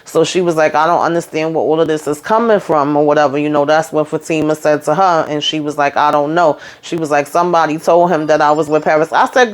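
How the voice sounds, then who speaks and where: Animated woman recapping a TV episode. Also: brisk, few pauses. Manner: animated retelling, acts out quotes with rising pitch. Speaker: TV recap YouTuber.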